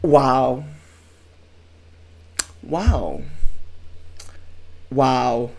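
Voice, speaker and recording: A streamer giving excited live reaction commentary, full of exclamations and swearing. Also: medium pitch, very slow, gravelly.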